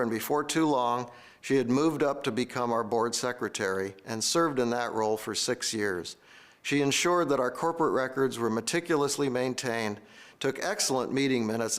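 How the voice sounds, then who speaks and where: A man reading a formal award presentation at a charity event. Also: medium pitch. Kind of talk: scripted speech.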